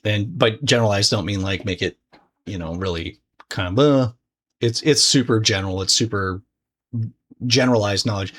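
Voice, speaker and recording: A man with a lowish voice teaching a recorded course lesson. He speaks straight to the viewer in a loose, chatty style, swearing freely and circling back on his sentences as he explains. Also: moderate pace, fairly bright tone. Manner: casual, profane, conversational with frequent restarts. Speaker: trading course instructor.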